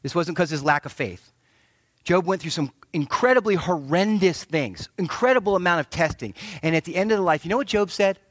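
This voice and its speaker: Male pastor, middle-aged, playful preacher with a swooping, expressive delivery. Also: sits high, fairly quick, no echo, studio quality. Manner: animated, joking preacher who acts out quotes. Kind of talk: sermon.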